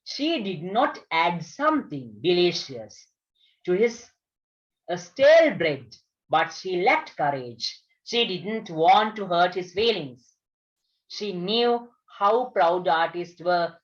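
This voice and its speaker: A woman's voice: on the low side, big pitch swings, slow pace. A woman from Sri Lanka, a teacher reading a story aloud and repeating words carefully for her students in an online video class. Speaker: English teacher. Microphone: video call. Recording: dull lo-fi online class audio.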